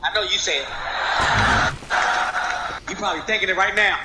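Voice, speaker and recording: A man doing an impression of a brash male comedian, roasting someone with shouted, profane stand-up delivery. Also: sits high, moderate pace, natural voice. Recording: loud background noise.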